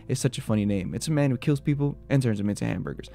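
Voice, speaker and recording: Fast-talking gravelly man telling urban legends. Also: on the low side. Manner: quick, mixes spooky retelling with joking asides. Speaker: video host. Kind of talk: reading urban legends and reacting. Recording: soft music behind the voice.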